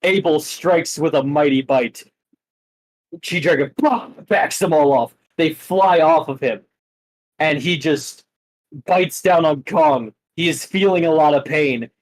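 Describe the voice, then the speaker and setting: A man narrating a superhero tabletop game as game master, telling the battle in an animated, storytelling way. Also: fairly high pitch, a little slow, no echo, rough recording.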